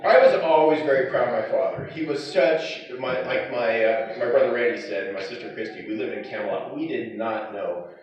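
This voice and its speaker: A man's voice: mid-range voice, fairly quick, few pauses, slight background noise. A middle-aged man giving a eulogy for his father, telling fond stories with chuckles in between. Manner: fond storytelling broken by chuckles. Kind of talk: eulogy with personal anecdotes. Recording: echoey hall, distant, dull.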